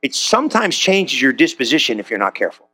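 A man preaching a sermon to his congregation in a chatty, animated way, acting out little quoted exchanges. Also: medium pitch, quick pace, breathy edge. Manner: conversational, animated, acts out quotes. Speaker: pastor. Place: church in front of congregation.

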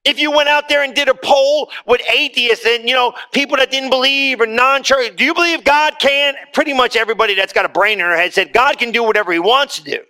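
A man preaching a sermon to a congregation, talking casually and swinging between loud quoted scripture and soft, low asides. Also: a little fast, hardly any pauses. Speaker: pastor. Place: church in front of a congregation.

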